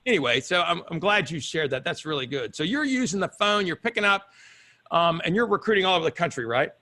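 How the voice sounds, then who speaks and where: A man's voice: on the high side, animated, fast talker, sharp tone. A man in his fifties hosting an interview, blunt and casually swearing. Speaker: host.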